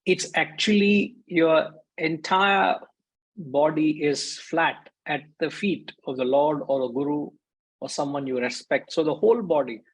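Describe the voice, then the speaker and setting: A man's voice: a little high, unhurried, husky, low-quality recording. A man giving a conversational spiritual discourse as a teacher, briefly acting out the voices in his stories. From India.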